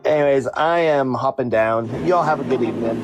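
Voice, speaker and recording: A man chatting casually on a live panel, relaxed and joking as he signs off. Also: medium pitch, a little fast, lo-fi sound, music in the background.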